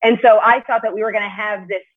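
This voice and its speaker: A female martial arts competitor appears as a guest in a casual podcast interview, talking openly and chattily with occasional swearing. Her medium-pitched voice is steady in tone, quick in pace, and a little breathy, carried over a tinny line like a phone's.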